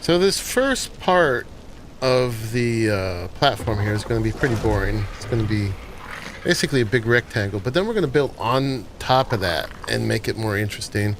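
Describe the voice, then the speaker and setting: Relaxed man chatting over gameplay. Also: lowish voice, normal speed, slight background noise. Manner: relaxed, thinking aloud while playing. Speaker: gaming channel host. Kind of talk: casual gameplay commentary.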